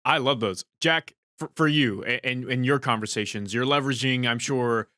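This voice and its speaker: Male podcast host, bright and forward tone, dry close sound, loose questions that circle back on themselves. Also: mid-range voice, moderate pace, no room sound. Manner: long, winding questions with restarts. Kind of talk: interview questions.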